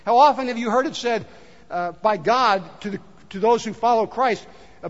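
A man preaches to his congregation, his voice pitched high. He asks question after question in a conversational way, and the dull recording carries the long reverb of a large hall. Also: expressive, moderate pace. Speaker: pastor. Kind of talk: sermon. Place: church sanctuary.

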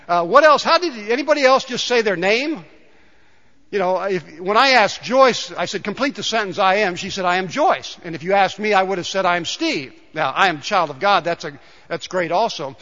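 His voice sits high with a sharp tone, animated yet moderately paced, as the pastor preaches conversationally and turns questions back on the congregation. The sanctuary recording comes across dull and reverberant.

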